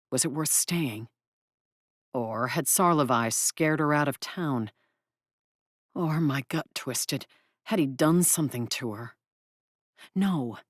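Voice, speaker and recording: Low, lively woman audiobook narrator. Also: no room sound, clean studio sound. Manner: expressive, brisk. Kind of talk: first-person audiobook narration.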